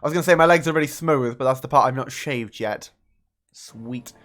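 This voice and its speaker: A young man in his twenties, chatting casually with viewers on a live stream in a room at home. He talks into a desk microphone and swears a lot. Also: brisk. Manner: chatty and profane, with sudden high excited jumps. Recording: faint music under the voice. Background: faint music.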